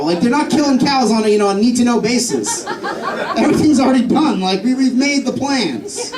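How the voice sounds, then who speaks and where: High-voiced man doing stand-up in a club. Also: lively intonation, a little fast. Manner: self-deprecating, rambling with many fillers. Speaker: stand-up comedian. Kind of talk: stand-up comedy set. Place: comedy club stage. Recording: roomy club audio from far off, loud crowd. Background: audience laughter.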